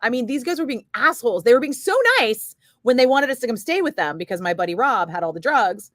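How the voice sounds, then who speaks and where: A woman's voice: fairly high pitch, expressive, fast talker, fairly bright tone, dry recording, studio quality. A woman radio DJ telling a rambling story in casual on-air chat, full of filler words. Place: radio studio.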